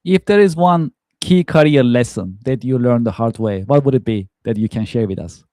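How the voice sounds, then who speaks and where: Man, host, mellow voice, dry recording, measured questions. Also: mid-range voice, dry recording. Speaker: podcast host. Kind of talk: reading interview questions.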